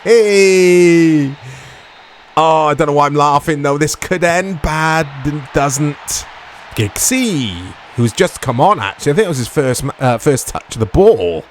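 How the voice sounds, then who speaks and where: A man giving casual let's-play commentary on a football video game, reacting excitably to the play. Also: on the high side, unhurried, a little hiss or hum. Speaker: gaming YouTuber.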